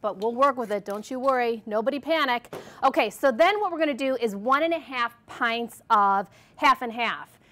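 Bubbly arkansas lady doing a tv cooking segment, kinda high voice, jokey, mixing stuff in a studio kitchen. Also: animated, moderate pace, a bit bright. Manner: bubbly, jokey, talks to camera while mixing. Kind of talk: chatty cooking demonstration.

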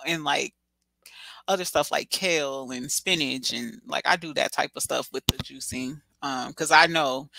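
A woman's voice: low-pitched, creaky, sharp tone, no room sound. A young woman hosting a casual livestream, talking to her chat in a chatty, dramatic way with lots of slang. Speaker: livestream host reading chat.

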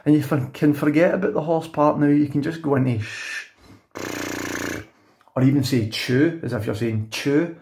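A man's voice: a little high, fairly even intonation, moderate pace, creaky, background noise. Young Scottish man, beatbox teacher, loose chatty delivery full of restarts and asides. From Scotland. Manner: chatty, rambling, frequent self-corrections and "you know what I mean". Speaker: beatbox tutor. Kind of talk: casual video tutorial.

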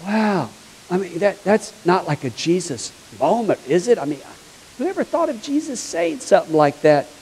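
A man's voice: high voice, very animated, normal speed, darkish tone, slight background noise, rough recording. A man preaching a sermon as a pastor, telling stories in a chatty, humorous way. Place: church sanctuary.

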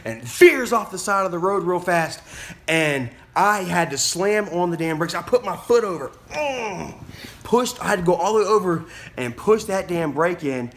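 A man's voice: sits high, fairly bright tone. A man vlogger casually telling a story to camera, rambling with lots of fillers and restarts and casual cursing.

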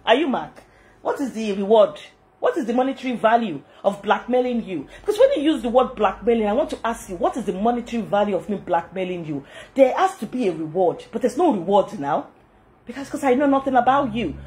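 A middle-aged Nigerian woman with a Yoruba-inflected accent, hosting a casual vlog and talking indignantly, switching between English, Pidgin and Yoruba. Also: a little high. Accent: Nigerian, Yoruba-speaking. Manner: animated, mixing English, Pidgin and Yoruba, frequent laughter, indignant. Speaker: channel host.

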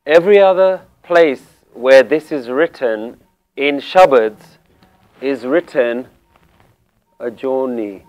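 A man teaching Sikh scripture, explaining word meanings calmly and deliberately, repeating key phrases. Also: medium pitch, smooth, faint music behind. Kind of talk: slow spiritual explanation.

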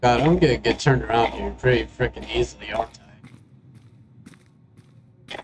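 A man's voice: medium pitch, normal speed. A man casually commenting while playing a game, chatty, swearing and humming, on a noisy home mic. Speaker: gamer.

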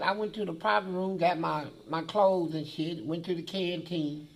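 A man tells stories in a blunt, profane, vivid way as an interview guest. His voice is a bit high for a man and rough with gravel. He swears freely as he talks. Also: steady tone, moderate pace, hardly any pauses. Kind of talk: profane storytelling about prison life.

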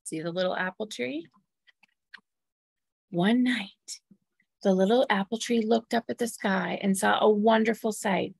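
A woman reads a children's picture book aloud, slowing down for the story and stopping to ask her listeners questions. Her mid-pitched voice has a slight gravelly texture. The recording is close and dry. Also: dry recording. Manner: warm, asks listeners questions. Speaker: temple staff or clergy storyteller.

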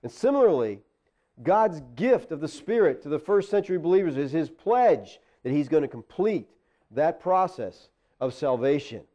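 A man's voice: fairly high pitch, big pitch swings, normal speed, mellow. A man preaching a sermon as pastor, talking conversationally and rising to emphatic exclamations.

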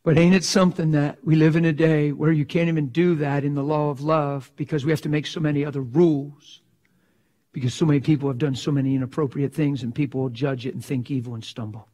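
A male pastor preaching an impassioned sermon in a folksy way, dropping from loud cries to hushed whispers. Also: a little high, steady tone, fast talker. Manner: folksy, drops into slang like "ain't".

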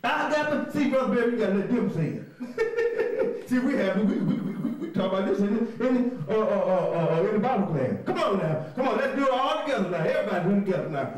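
Guy leading a bible class, loud and high pitched, laughing, lots of room echo. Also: fast, far from the mic. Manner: energetic, often shouting, spells words letter by letter; laughs often, coaxing the class to repeat. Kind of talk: call-and-response Bible lesson. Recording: very echoey room.

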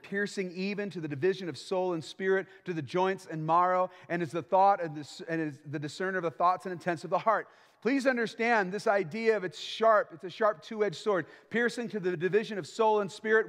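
A man preaching a sermon as pastor, emphatic and lively, acting out little bits of everyday small talk. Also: high-pitched, in a large hall.

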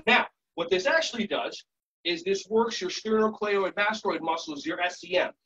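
A man leading a live group breathing and stretching warm-up, upbeat and jokey as he coaches the audience. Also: sits high, moderate pace, slightly rough, recorded from a distance, muffled recording. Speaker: movement and relaxation instructor. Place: conference session room.

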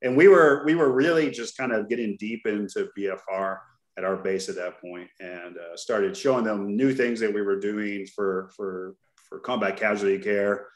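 A laid-back podcast host from Texas with a lowish voice, rambling through stories with a grin and plenty of "you know"s. The recording has a noticeable roomy echo, and his talk stays loose and conversational. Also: normal speed. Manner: laid-back, jokey storyteller with lots of fillers. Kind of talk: casual podcast chat. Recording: roomy echoey sound.

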